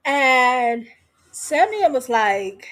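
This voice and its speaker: A woman's voice: high-pitched, very animated, extremely slow, fairly bright tone. Sassy, slangy woman recapping a show. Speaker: vlogger.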